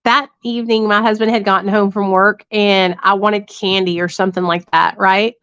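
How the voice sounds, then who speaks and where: Her voice sits at medium pitch with little movement, fairly bright, clear and resonant at a moderate pace, and there is no room sound. As a livestream host, she shares a story with her audience in a blunt, foul-mouthed way, tossing in many tag questions, all in dull, dry lo-fi audio.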